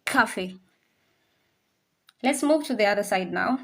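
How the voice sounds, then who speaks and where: A woman teaching a French lesson, saying each word slowly and repeating it for learners to copy. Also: on the high side, lively intonation. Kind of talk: classroom language lesson.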